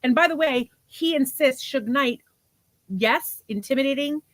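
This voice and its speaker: Here the forty-something podcast co-host, who is half Portuguese, talks a little slowly in a voice that sits high. It's a laid-back livestream chat with lots of laughing and a bit of swearing, captured in a dry recording.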